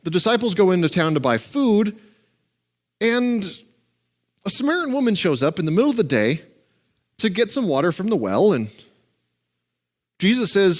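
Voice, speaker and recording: A male pastor preaching a conversational, animated sermon with asides and chuckles. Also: high voice, normal speed, long pauses.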